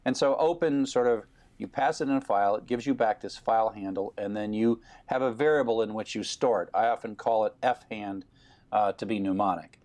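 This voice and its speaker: A man's voice: on the low side, a little fast, a little mellow. A man giving a recorded programming lecture, explaining steadily with fillers.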